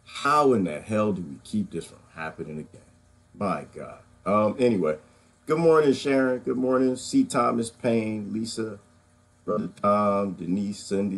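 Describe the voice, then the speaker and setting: A husky, lower-pitched man speaks on a live online stream. He talks in halting bursts and keeps restarting his sentences, close to tears as he goes. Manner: shaken, halting, many restarts and sighs. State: emotional, near tears. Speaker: online show host. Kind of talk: emotional live-stream monologue.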